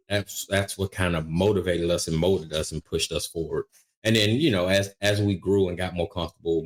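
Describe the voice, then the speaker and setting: A man with a very deep, low-pitched voice tells stories as a guest on an interview podcast. His delivery is animated and lively, with frequent restarts in his sentences. He sounds middle-aged, and he talks casually like a veteran producer.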